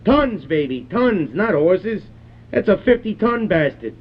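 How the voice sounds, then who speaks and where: A man's voice: fairly high pitch, expressive, fairly quick, lightly acted. A man voicing a crude, hot-tempered, foul-mouthed middle-aged rural man who rambles and curses nonstop in a prank call. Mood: gruff, ranting. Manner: rambling, cursing constantly, belligerent. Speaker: prank caller. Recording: phone-line prank call recording.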